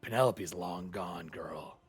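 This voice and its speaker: A man voicing a sly, gloating creature that possesses bodies, speaking in a slow whisper. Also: deep voice, slightly rough, voice pushed down, exaggerated voice.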